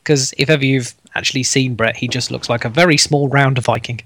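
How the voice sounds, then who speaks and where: A man's voice: medium pitch, fairly even intonation, fairly quick, a bit bright, a little hiss or hum. A man as a podcast guest in casual chat, hesitant and searching for words.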